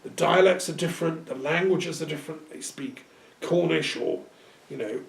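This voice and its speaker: Discursive male lecturer, gravelly, recorded at a distance in an echoey room. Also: mid-range voice, a bit bright, slight background noise. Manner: rambling, discursive, many ums and restarts. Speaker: philosophy lecturer. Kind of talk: informal philosophical talk. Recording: echoey room, speaker off-mic.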